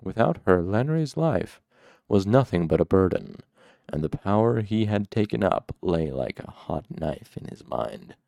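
A man reading a fantasy novel aloud as an audiobook narrator, measured and steady. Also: deep voice, vocal fry, dry recording.

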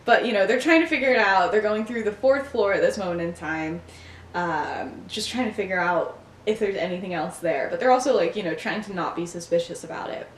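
A woman's voice: medium pitch, fairly quick, a little hiss or hum. A young woman co-hosting a podcast, casually telling a story in a chatty, giggly way. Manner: chatty, giggly, many fillers. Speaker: podcast co-host. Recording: echoey room.

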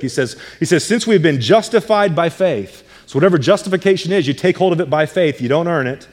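A man's voice: mid-range voice, darkish tone, in a large hall. A middle-aged male pastor delivering a sermon, earnest and emphatic, asking rhetorical questions and answering them.

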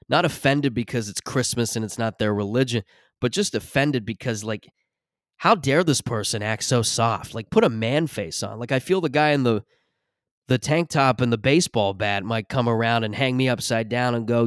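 A man's voice: mid-range voice, no room sound, studio quality. A man in his thirties, hosting a podcast, in a rambling and profane comic rant. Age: 30s. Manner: rambling, profane, self-interrupting. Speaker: podcast host. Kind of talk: comedic solo rant.

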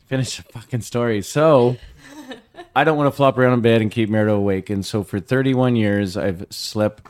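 A man in his fifties, a podcast co-host, telling a story in casual chat, cursing freely and acting out his own shouting. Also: mid-range voice, moderate pace, clean tone. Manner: profane, animated storyteller who acts out shouting.

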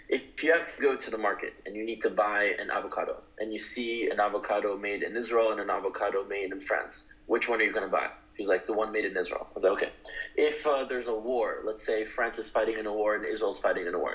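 A man's voice: mid-range voice, fairly bright tone, lo-fi sound. A young man speaking in a casual, earnest, argumentative monologue, with frequent fillers and restarts. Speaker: speaker on culture.

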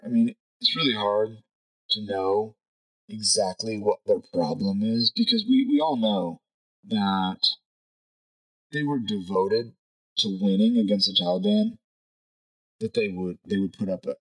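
A man's voice: on the low side, low-quality recording. A man talking casually through his views in a rambling monologue, thinking aloud and checking in with "right?" as he goes. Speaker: podcast host.

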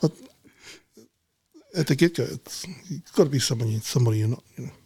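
A man's voice: medium pitch, quick pace, warm tone, breathy edge. A man, a businessman guest in a casual podcast chat, talking bluntly, swearing freely and acting out little exchanges. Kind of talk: casual conversation.

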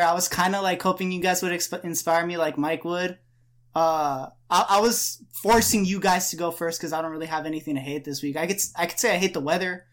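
A man's voice: high-pitched, fairly bright tone. A man hosting a casual podcast, talking in an offhand, hesitant way with crude jokes. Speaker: podcast host.

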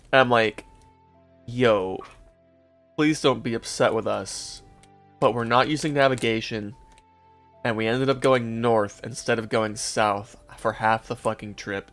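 This young podcast host has a low, creaky voice and speaks at a measured pace with long pauses, soft music playing behind him. Relaxed and profane, he tells his co-hosts a lengthy story and laughs at it as he goes.

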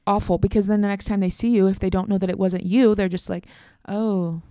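Gravelly-voiced young woman co-host. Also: medium pitch, fairly even intonation, dark tone, no room sound, clean studio sound. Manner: agreeable, quick to back up and add jokes. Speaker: podcast co-host. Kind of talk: casual chat.

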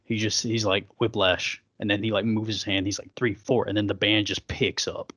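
A man's voice: fairly low pitch, little pitch movement, moderate pace, fairly bright tone, no room sound, studio quality. A man co-hosting a podcast, casually retelling film scenes with lots of fillers and quoted lines. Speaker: podcast co-host. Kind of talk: casual film recap chat.

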